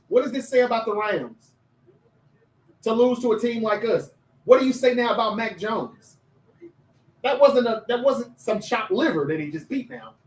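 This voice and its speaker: A man hosting a casual sports talk livestream, chatty and animated, reading viewer comments aloud and talking straight to his chat. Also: high-pitched, echoey room, recorded from a distance, rough recording.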